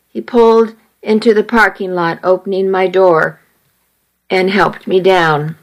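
A woman reading a first-person story aloud, slowly, evenly and carefully. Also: medium pitch, fairly even intonation, poor audio. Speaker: narrator.

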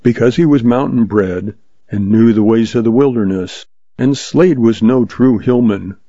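A man narrating pulp western stories in a steady, measured reading. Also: mid-range voice, dry recording. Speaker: story reader, host. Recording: dull lo-fi, dry.

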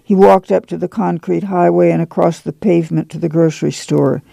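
A man's voice: a little high, fairly even intonation, a little fast, creaky, warm tone, no echo. A man reading a novel aloud for radio, telling the story steadily and plainly and giving the characters folksy speech. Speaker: volunteer reader.

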